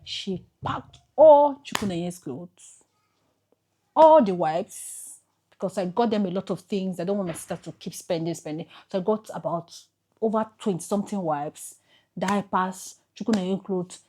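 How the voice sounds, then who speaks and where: A Nigerian woman vlogger tells an emotional personal story to the camera, halting and repeating herself as she goes. Her voice is medium-pitched and mellow.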